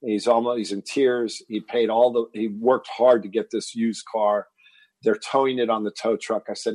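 A man in his fifties from Texas, telling a personal story as a guest in an interview, animated and getting louder as he relives the moment. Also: lowish voice, moderate pace, no echo, low-quality recording. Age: 50s. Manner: animated storyteller, rises to shouting when reliving anger. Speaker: fitness entrepreneur guest.

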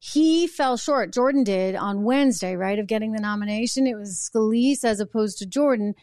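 A woman's voice: on the high side, moderate pace, a little mellow, dry recording, clean studio sound. A woman hosting her own show, delivering an emphatic political commentary monologue full of rhetorical asides. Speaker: show host.

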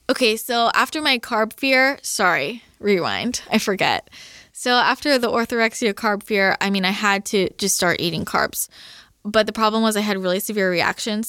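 A young woman telling a personal story as a guest in a casual podcast chat, animated and swearing freely as she acts out her own quotes. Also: mid-range voice, clear, resonant tone, no room sound, clean studio sound.

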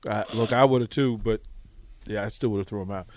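A man's voice: lowish voice, a little fast, dry recording. A man co-hosting a radio talk show who gives his opinions in a firm, matter-of-fact way. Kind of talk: casual radio chat.

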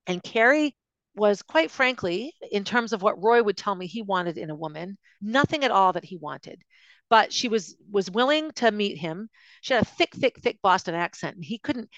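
A woman's voice: mid-range voice, a bit bright, no echo. Confiding woman telling her own story. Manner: emotional, confiding, with frequent restarts. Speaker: podcast host recounting her own life. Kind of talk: personal storytelling monologue.

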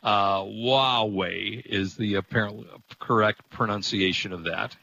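A man's voice: on the low side, steady tone, moderate pace, pushed and bright. A man hosting a tech talk show in casual chat, easygoing and hesitant, often starting over. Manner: easygoing, hesitant with fillers and restarts. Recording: dull lo-fi sound with faint noise.

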